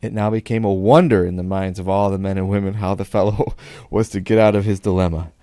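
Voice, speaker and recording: Low-voiced man reading a joke aloud. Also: fairly even intonation, brisk, dark tone, no echo. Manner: wry, laughs at himself, restarts lines. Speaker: podcast co-host reading a segment. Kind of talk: casual live podcast banter, reading a long joke aloud.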